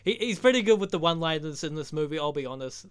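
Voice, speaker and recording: A man's voice: on the high side, animated, fast talker, smooth. A young man giving a rambling, profane, joking recap of a movie as a reviewer. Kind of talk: crude comedic movie recap.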